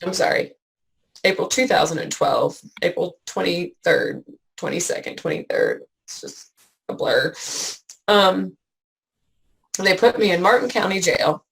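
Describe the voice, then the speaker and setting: A woman giving an emotional personal account as an interview guest, halting with many fillers and restarts. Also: fairly low pitch, very animated, vocal fry, low-quality recording.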